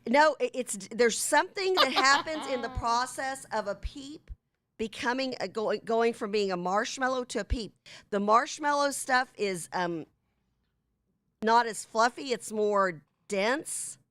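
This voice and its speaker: A woman co-hosting a casual chat show, animated and quick to laugh, often talking over the others. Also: fairly high pitch, dry recording. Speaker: co-host.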